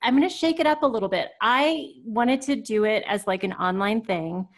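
A woman's voice: fairly high pitch, expressive, normal speed. A woman from Colorado co-hosting a casual talk, earnest and encouraging, swearing now and then. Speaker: podcast co-host, tarot teacher. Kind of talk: casual chat.

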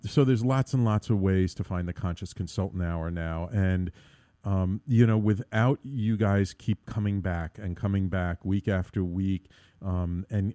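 Guy hosting a talk radio show, lowish mellow voice, dry close sound, lots of ums and restarts. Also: no echo. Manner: rambling, many fillers and restarts. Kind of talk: casual radio talk monologue.

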